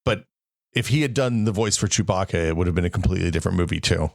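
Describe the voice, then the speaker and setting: A man hosting a casual tech podcast, talking in an animated way and telling anecdotes. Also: deep voice, very fast, vocal fry, slight background noise. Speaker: podcast host.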